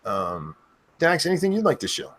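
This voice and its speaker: A man's voice: on the high side, huge pitch swings, moderate pace, fairly bright tone. A man hosting a casual online chat show, loose and rambling, thanking his audience and co-hosts. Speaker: podcast host.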